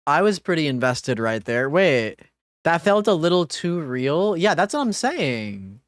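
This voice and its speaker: Low-voiced woman streamer reacting to a game. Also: sing-song, a little slow, no echo, clean studio sound. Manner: reads dialogue choices aloud, swears and exclaims in dismay. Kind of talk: live-stream gaming commentary.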